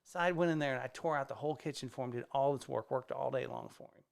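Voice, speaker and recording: A man, a stand-up comedian, telling a casual story on a podcast, animated and swearing freely as he acts out the people in it. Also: mid-range voice, fast, vocal fry. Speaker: guest comedian. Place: podcast studio.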